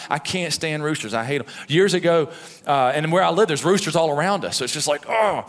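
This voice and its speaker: A middle-aged pastor preaching a sermon in a conversational, storytelling way, with frequent "right?" asides. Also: male voice, fairly high pitch, expressive, a little fast. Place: church sanctuary. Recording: long reverb of a church hall.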